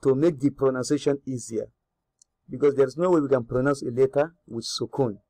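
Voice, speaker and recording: A male teacher walks through verb forms. He says each term deliberately, repeats it, then explains it in plain English. His voice sits at an ordinary middle pitch, and the recording is dry and close with no room sound. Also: mellow, dry recording. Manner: repeats Arabic words slowly, then glosses them in English; asks rhetorical questions to the learner. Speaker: Arabic teacher. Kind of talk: grammar lesson.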